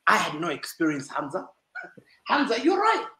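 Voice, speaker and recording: Loud teasing man on a football panel. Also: high voice, normal speed, echoey room, low-quality recording. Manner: animated, teasing, laughing often. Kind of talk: loud banter-filled casual chat.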